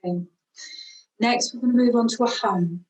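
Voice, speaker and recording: A woman teaching singing, calmly guiding a vocal warm-up with slow, encouraging cues. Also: on the high side, far from the mic, poor audio. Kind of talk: guided vocal warm-up lesson.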